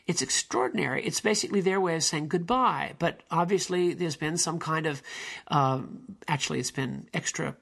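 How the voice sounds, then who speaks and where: Gravelly, husky-voiced man lecturing. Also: a little high, brisk, fairly bright tone. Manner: musing and digressive, mimics intonations. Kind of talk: spoken lecture on language.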